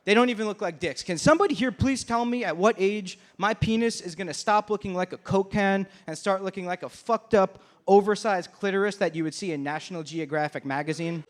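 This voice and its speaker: A young man working a comedy club stage with a stand-up set, his voice sitting a little high for a man. He delivers crude, brash punchlines with a casual, conversational rhythm. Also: brisk, hardly any pauses.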